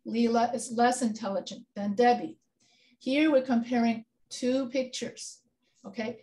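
This writing instructor from Texas teaches a grammar lesson in an online class, walking through the rules step by step and checking in with her students. Her voice is a little high and slightly mellow.

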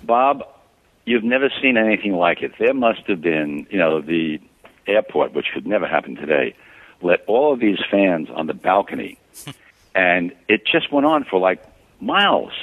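An older man in his sixties reminisces over a tinny phone line, his voice very low but swinging widely in pitch. He speaks in a relaxed, rambling way with many fillers as an interview guest. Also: normal speed. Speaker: photographer, guest.

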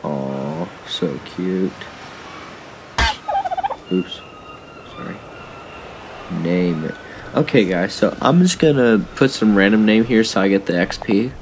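A man's voice: on the low side, animated, normal speed, pauses often, noisy background. A young man giving casual, rambling commentary while he plays, chatting to his viewers and to the animals in the game. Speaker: gaming YouTuber.

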